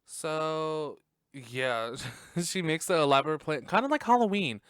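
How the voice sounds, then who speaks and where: A man's voice: fairly high pitch, lively intonation, measured pace, fairly bright tone, smooth, no room sound. A man hosting a podcast, recapping a movie in casual chat, swearing and laughing often, in a room at home on a close desk mic. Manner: chatty, profane, laughs often. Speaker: podcast host.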